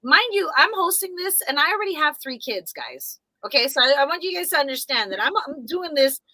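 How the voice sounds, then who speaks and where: Animated bright-voiced woman telling a story. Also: sits high, brisk, no echo, rough recording. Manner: animated, acts out quotes in other voices. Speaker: co-host. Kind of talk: casual storytelling chat.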